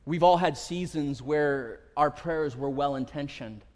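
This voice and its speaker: In a church sanctuary with long, echoing reverb, a thirtysomething pastor delivers a sermon at a measured pace. His voice sits a little high with a darkish tone, and he talks casually, acting out quotes with rising emphasis.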